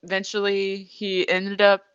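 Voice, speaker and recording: Woman host recapping a show, smooth clear voice, dry dull lo-fi sound. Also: mid-range voice, monotone, unhurried, fairly bright tone, no echo. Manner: chatty storytelling with many fillers. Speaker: podcast host. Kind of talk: casual episode recap chat.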